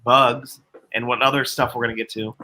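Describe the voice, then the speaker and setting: A man's voice: medium pitch, little pitch movement, fairly quick, sharp tone. A man hosting a casual video-call talk show, joking and swearing freely. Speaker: host.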